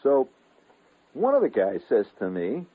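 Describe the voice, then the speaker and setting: A man in his fifties spins a long, wandering radio story, his voice swooping up and down with animated energy and a slightly husky edge. Chuckles slip into his asides. The sound is thin and phone-like, as on an old radio broadcast. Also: mid-range voice, a little slow. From United States. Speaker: radio host. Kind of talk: rambling radio storytelling monologue.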